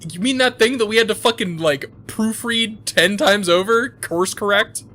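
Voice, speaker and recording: A woman's voice: mid-range voice, moderate pace, few pauses, background noise. A woman streamer giving casual let's-play commentary with blunt, swearing asides. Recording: game music behind the voice. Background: game music.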